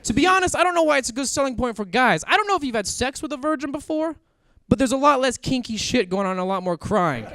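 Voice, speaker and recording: A man's voice: very high voice, fast, no room sound, clean studio sound. A young man from Kansas City doing a crude stand-up comedy set on stage before a live audience. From Kansas City, USA. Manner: crude, animated storytelling.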